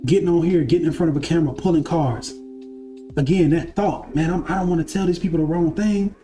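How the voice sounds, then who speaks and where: Mellow man telling a story over soft music. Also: a little high, fast. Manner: conversational, repeats phrases, asks listeners if they follow. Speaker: spiritual content creator and card reader. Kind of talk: casual personal storytelling to camera. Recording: faint music underneath.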